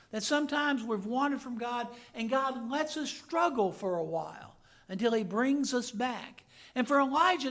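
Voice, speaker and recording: A man, a pastor, preaching a sermon and reading scripture aloud, swinging between loud declaring and hushed asides. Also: extremely high pitch.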